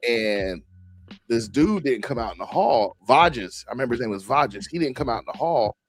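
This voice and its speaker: A middle-aged man hosting a podcast, telling stories in casual chat and acting out the quotes with shouts. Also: mid-range voice, brisk, soft background music. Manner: animated, acts out quotes with shouts. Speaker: podcast host.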